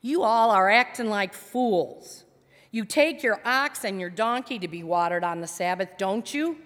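A woman speaking as a compassionate male teacher who firmly rebukes his listeners, loud and emphatic. The voice carries a long reverb through a church sanctuary. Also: mid-range voice, expressive, measured pace. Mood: rebuking.

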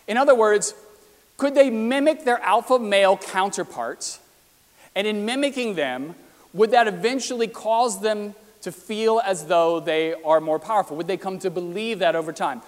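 A man's voice: high voice, animated, moderate pace. A man presenting a talk with slides, explaining ideas and asking his listeners many rhetorical questions. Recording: long hall reverb.

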